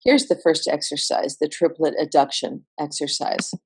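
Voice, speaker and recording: A woman vocal coach explaining singing exercises in a relaxed, instructional way. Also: low-pitched, moderate pace, background noise. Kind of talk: instructional voice lesson.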